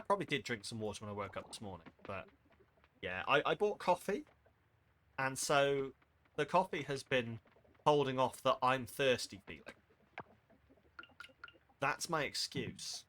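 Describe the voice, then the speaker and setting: A man with a medium-pitched, sing-song voice and a fairly bright tone, speaking at a moderate pace with long pauses. He's from near Wales and chats casually while streaming a game, muttering a running commentary full of jokey, self-deprecating asides.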